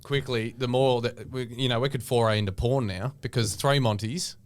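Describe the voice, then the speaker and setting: A man in his twenties co-hosting a podcast, full of cheeky teasing and quick jokes. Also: medium pitch, steady tone. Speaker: podcast co-host. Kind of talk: casual banter.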